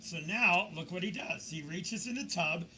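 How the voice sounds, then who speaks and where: A man narrating security camera footage as a video commentator, telling the story in a lively way with mocking asides. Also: high voice, moderate pace, slight background noise.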